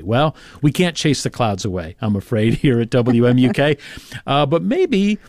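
A man hosting a public radio fund drive, relaxed and joking, with fillers. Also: medium pitch, moderate pace, no echo, clean studio sound.

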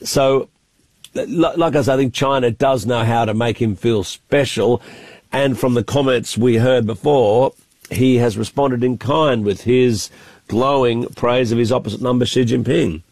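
A man's voice: medium pitch, steady tone, unhurried, a little mellow, no room sound. Chatty male foreign correspondent, live. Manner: chatty, thinking aloud with frequent restarts. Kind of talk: live news cross, unscripted analysis. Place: Beijing, reporting remotely.

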